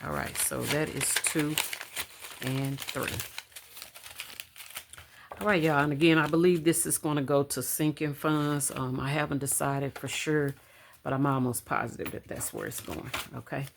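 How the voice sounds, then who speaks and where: A woman talks to her viewers in a low, deep voice, relaxed and chatty, calling them y'all. She counts out small amounts aloud at home, recorded on a camera on a stand with a faint hiss of noise behind her. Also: unhurried, vocal fry. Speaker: budgeting vlogger. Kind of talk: casual chat to camera. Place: home room.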